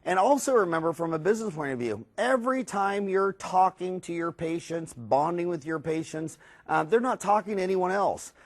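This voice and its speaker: A man, a dentist, giving a recorded lecture in a rambling, animated storytelling way, with many fillers and restarts. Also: high-pitched, normal speed. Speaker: dentist teaching a course.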